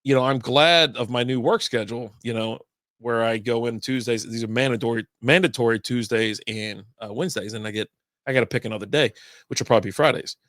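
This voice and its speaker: This podcast host talks at a medium pitch, fairly quickly, with a slightly bright tone. In his casual beer podcast monologue, he wanders through long stories full of fillers and side remarks, captured dry and studio-clean.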